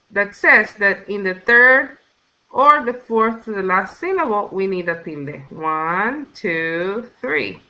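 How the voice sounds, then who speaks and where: Woman, language teacher, narrated lesson recording, slow methodical delivery, dull lo-fi sound. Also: mid-range voice, sharp tone. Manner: slow, careful explaining with counting steps. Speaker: Spanish teacher. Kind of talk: recorded slide lecture.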